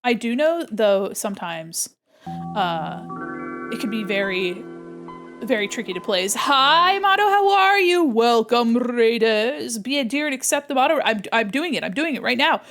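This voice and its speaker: A woman's voice: on the high side, normal speed, faint music behind. An American woman streamer and illustrator, chatting casually and bubbly with her viewers while she draws. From United States. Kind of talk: casual live-stream chat while drawing.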